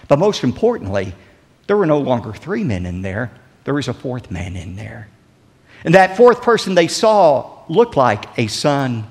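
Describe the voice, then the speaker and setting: A pastor delivering a sermon with dramatic swings in loudness and emphasis. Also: male voice, in a large hall. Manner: dramatic preaching with big swings in pitch and volume.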